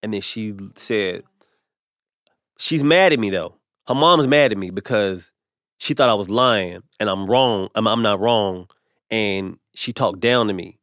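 A man with a fairly low voice tells a personal story in a relaxed podcast chat. He slips into the voices of the people he quotes. The sound is dry and close to the mic. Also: a little slow, no echo. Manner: animated storyteller acting out quotes. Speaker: comedian guest. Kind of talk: casual storytelling.

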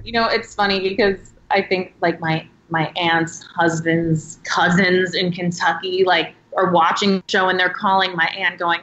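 A woman's voice: fairly low pitch, steady tone, measured pace, hardly any pauses, a bit bright, reverberant, highs cut off. A woman in her thirties, talking as a guest in a casual interview, chatty and rambling with many filler words. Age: 30s.

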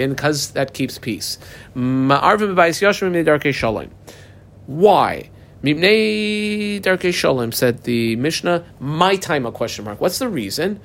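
A man with a somewhat high voice gives a lesson on a religious text. He reads each passage aloud, then unpacks it phrase by phrase. His tone is conversational, with small hesitations and rhetorical questions along the way. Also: fairly bright tone. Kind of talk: text study lecture.

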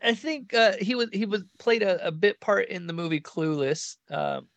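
A man's voice: high-pitched, animated, normal speed, fairly bright tone, no room sound, highs cut off. A man co-hosting, chiming in with short remarks. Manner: short interjections. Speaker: co-host. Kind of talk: casual chat.

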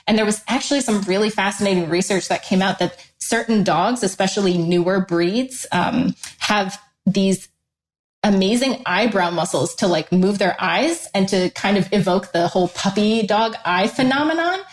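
A woman's voice: medium pitch, moderate pace. Eager woman researcher in an echoey room. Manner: eager, full of fillers and restarts. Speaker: dog cognition researcher. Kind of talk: enthusiastic explanatory interview talk. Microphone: video call. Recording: echoey room with faint noise.

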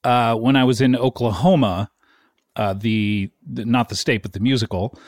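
A middle-aged man co-hosting a comedy podcast, halting and deadpan, with many restarts. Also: mid-range voice, dry recording, studio quality. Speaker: podcast co-host. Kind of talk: improvised comedy podcast chat.

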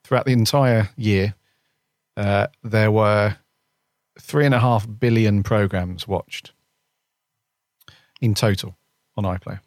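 A man's voice: on the low side, steady tone, slow, pauses often, a little mellow, no echo, studio quality. A man co-hosting a podcast, talking casually and hesitantly, correcting himself as he goes. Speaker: podcast co-host. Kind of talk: casual chat.

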